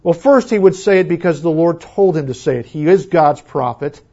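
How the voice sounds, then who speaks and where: A man preaches a sermon to his church in a high voice, rising to loud exclamations and dropping to hushed near-whispers. The recording sounds dull and lo-fi. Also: moderate pace. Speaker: pastor.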